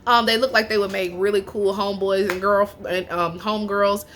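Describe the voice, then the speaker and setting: Young female show reviewer: lively, casual, bright-toned, with soft music behind. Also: medium pitch, a little fast. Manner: chatty and animated, laughs often, slangy asides. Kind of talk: casual chat.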